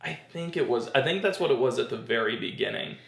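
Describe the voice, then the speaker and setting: A man's voice: medium pitch, expressive, fast, gravelly, a bit bright. Podcast host, man, rambling joker, roomy recording. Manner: joking, rambling storyteller. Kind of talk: casual chat.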